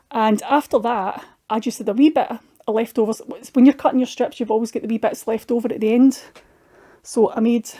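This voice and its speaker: A middle-aged Scottish woman vlogs about crafts, chatting casually through her projects in a homely show-and-tell full of little restarts. Her voice is fairly high and mellow.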